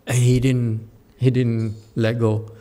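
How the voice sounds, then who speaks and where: A man giving a Buddhist Dharma talk as a Chan master, telling a story with lively acted-out quotes. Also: mid-range voice, slow pace. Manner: animated storyteller who acts out quoted speech and laughs at his own jokes.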